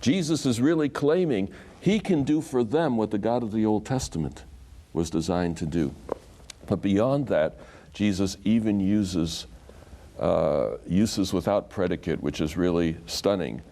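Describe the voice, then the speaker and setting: A man, a Bible scholar and guest, teaching scripture in conversation and acting out the quotes in a lively way. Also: fairly low pitch, unhurried. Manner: animated storyteller who acts out quotes.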